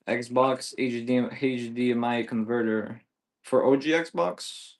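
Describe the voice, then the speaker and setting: A man's voice: mid-range voice, fairly even intonation, unhurried. A man selling consoles and games on a live auction stream, chatting casually in a profane, rambling, joking way.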